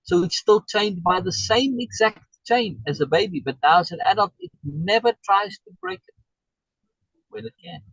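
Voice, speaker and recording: Gravelly, emphatic male life coach. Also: high voice, expressive, moderate pace, a bit bright, no room sound, muffled recording. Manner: emphatic, repeats key words for stress. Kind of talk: coaching over a video call. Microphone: video call.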